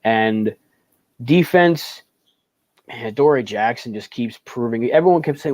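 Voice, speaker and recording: A man's voice: mid-range voice, takes it slowly, a little mellow, dry recording, highs cut off. A young man co-hosting a casual sports post-game show who laughs often and reads out live chat comments. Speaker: podcast co-host.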